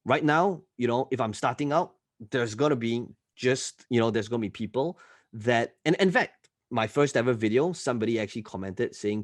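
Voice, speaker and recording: Male entrepreneur guest, lively emphatic storyteller, mid-pitched voice, dry close room. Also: normal speed, no room sound. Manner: animated, emphatic, tags phrases with "right?". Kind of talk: podcast interview storytelling.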